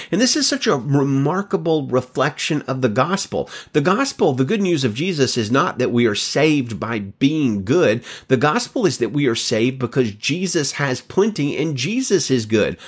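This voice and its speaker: Animated man giving a Bible talk. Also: mid-range voice. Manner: animated, emphatic, stretches key words. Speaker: Bible teacher.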